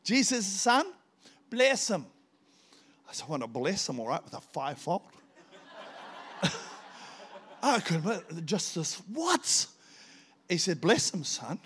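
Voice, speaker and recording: An older man, preaching a sermon in church, telling personal stories and acting out the dialogue with bursts of shouting. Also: on the high side, unhurried, long pauses, a little hiss or hum. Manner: storytelling, animated, bursts into shouts when acting out scenes. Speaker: visiting pastor.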